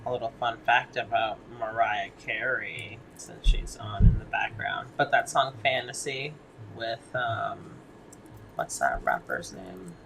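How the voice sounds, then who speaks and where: A man's voice: on the low side, expressive, a little slow, gravelly, fairly bright tone, slight background noise, low-quality recording. A man from Massachusetts chatting casually, laid-back and slangy, swearing and laughing often. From Massachusetts, near Boston. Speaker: podcast co-host. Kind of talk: casual chat.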